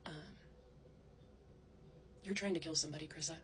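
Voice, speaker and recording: A woman's voice: fairly low pitch, brisk, slight background noise. A woman delivering a heated, profane, accusatory vlog rant, speaking straight at the person she blames. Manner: heated, profane, accusatory, addresses someone directly. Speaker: vlogger. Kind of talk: angry direct-to-camera rant.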